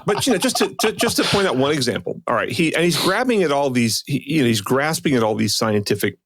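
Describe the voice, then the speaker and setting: Middle-aged male podcast co-host, gravelly voice, lively swinging delivery, dry close mic. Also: medium pitch, fast talker, no echo. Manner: animated, breaks into mocking impressions. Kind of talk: casual chat.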